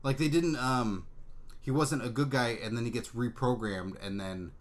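Male podcast co-host, hoarse throat, easygoing and self-deprecating chatter. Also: medium pitch, normal speed. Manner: laid-back, rambling, self-mocking. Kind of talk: casual chat.

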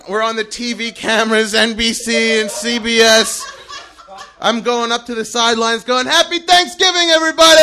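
Young male storyteller on stage, high bright voice, animated and breathless. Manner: animated, breathless, laughing through his story. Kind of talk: live storytelling.

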